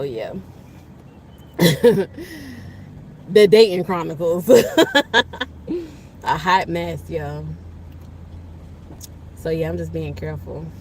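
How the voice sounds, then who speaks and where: A woman's voice: low-pitched, a little hiss or hum. A young woman hosting a casual live stream, chatting in a laid-back, slangy way, laughing often, reading viewer comments and talking while she eats. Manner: talks while eating. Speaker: livestream host. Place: outdoors while walking.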